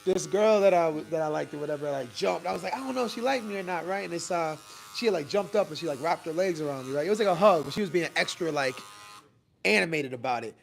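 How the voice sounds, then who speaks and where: High-pitched fast-talking man, casual banter. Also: vocal fry, slight background noise. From Northern Virginia. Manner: animated storytelling with slang. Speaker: barbershop podcast host. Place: barbershop.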